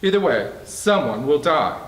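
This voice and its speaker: A man's voice: fairly high pitch, big pitch swings, measured pace. A man reading the part of a mocking, scheming male prison boss with a smug, taunting manner. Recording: roomy, distant mic.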